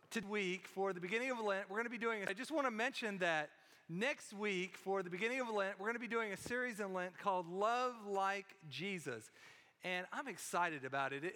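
A man's voice: sits high, sharp tone. A man preaching a sermon as pastor, telling a story with joking asides. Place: church sanctuary. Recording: long reverb of a church hall.

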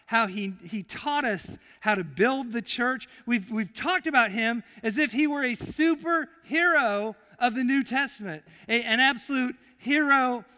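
Male preacher, high and bright, slow emphatic storyteller, recorded in a reverberant sanctuary. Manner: emphatic storytelling, swinging from loud to very quiet. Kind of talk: sermon. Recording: long reverb of a large hall.

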